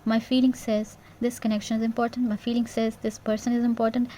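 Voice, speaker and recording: A woman giving an intuitive tarot reading in a gentle, reassuring way, repeating herself and checking in with "yeah?". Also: fairly high pitch, little pitch movement, fast, slight background noise. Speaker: tarot reader.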